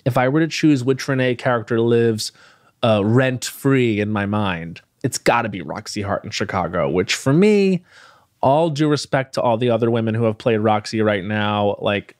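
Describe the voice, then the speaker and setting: A man's voice: mid-range voice, animated, moderate pace, no room sound. Playful male podcast host, mid-range voice, gossipy asides, dry studio sound. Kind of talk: scripted podcast introduction.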